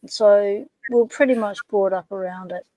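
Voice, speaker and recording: Aussie woman co-hosting, easygoing quips, mid pitch. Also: normal speed, mellow, dry recording, low-quality recording. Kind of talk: casual livestream chat.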